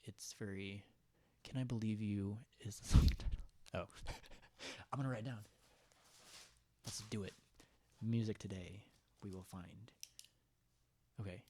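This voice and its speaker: A young man chats on a casual livestream in a low, mellow voice. He rambles and giggles as he reads viewer comments. The sound is close and dry, with no room around it. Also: steady tone, unhurried, long pauses, no echo. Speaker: livestream host.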